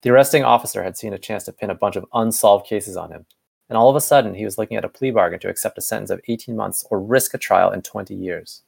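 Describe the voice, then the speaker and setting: A man's voice: lowish voice, quick pace, vocal fry, a little mellow, husky. A man casually reading a fan story aloud, narration and dialogue, with small slips and self-corrections. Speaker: fanfiction co-reader.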